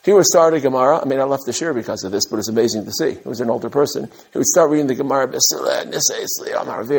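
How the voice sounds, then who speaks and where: A man, from Brooklyn, giving an animated mussar talk to his students as a rabbi, with emphatic rises and humorous asides. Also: medium pitch, breathy edge. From Brooklyn, USA. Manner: direct address to his students.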